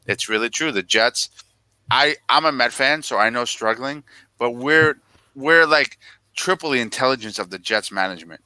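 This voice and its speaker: A man's voice: mid-range voice, sharp tone, dry recording, low-quality recording. A man co-hosting a casual sports podcast, ranting in mock anger about football teams. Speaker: podcast co-host.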